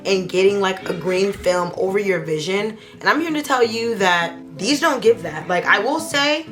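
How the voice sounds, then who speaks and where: A young woman in a casual beauty review vlog, talking playfully and gushing with excitement. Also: medium pitch, moderate pace, faint music behind. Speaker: beauty vlogger.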